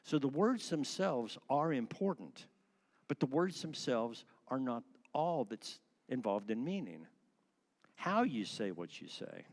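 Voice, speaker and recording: Guy teaching a church class, lively, keeps quizzing the room, mid pitch. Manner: animated, asks the class questions, shifts word stress for effect. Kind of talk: interactive church class lecture.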